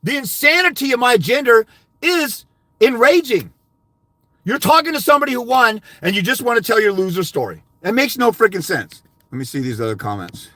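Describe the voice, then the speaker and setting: A man's voice: extremely high pitch, lively intonation, normal speed, pushed and bright, no room sound. An older man, a fathers' rights consultant, delivering a blunt, profane monologue that berates his viewers.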